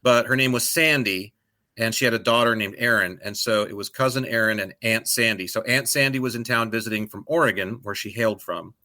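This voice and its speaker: A man's voice: on the low side, a little fast, pushed and bright. A middle-aged man co-hosting a podcast in casual chat, ranting with profanity and sarcasm. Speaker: podcast co-host.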